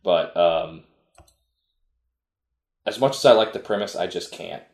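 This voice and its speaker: Deep-voiced man rambling in an echoey room. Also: measured pace, creaky. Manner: rambling, with frequent restarts. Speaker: podcast co-host. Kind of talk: casual chat reviewing an anime.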